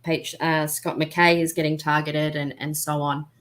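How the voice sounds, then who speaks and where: A woman guesting on a talk show, chatty and animated when telling stories. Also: sits low, normal speed. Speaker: guest podcaster. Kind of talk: casual chat.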